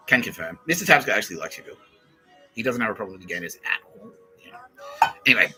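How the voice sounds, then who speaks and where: A man hosting a podcast, telling a comic story in a loose, sweary, animated way and laughing between phrases. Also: medium pitch, quick pace, faint music behind, rough recording. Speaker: podcast host. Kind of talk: casual comedic storytelling.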